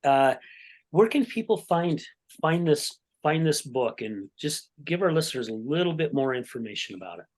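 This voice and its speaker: A man's voice: on the high side, sing-song, normal speed, darkish tone. A man hosting a podcast interview, talking in a chatty, rambling way with many restarts. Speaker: podcast host. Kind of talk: casual interview chat.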